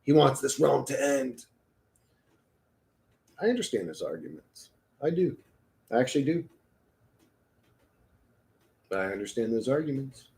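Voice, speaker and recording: A man hosting a casual livestream, rambling and joking with a lot of swearing, swinging between low mumbles and loud bursts. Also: sing-song, unhurried, vocal fry, pauses often. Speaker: livestream host reading chat.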